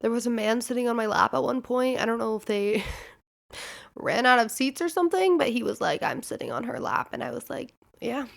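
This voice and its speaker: Woman, twenties, podcast host, chatty storytelling, lots of fillers, fry in the voice. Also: fairly high pitch, normal speed. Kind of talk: casual storytelling monologue.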